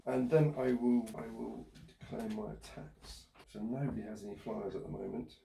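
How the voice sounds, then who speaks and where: A man's voice: lowish voice, steady tone, normal speed, gravelly, mellow, a little hiss or hum. A man playing a casual card game at a table, making matter-of-fact remarks. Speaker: player. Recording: echoey room.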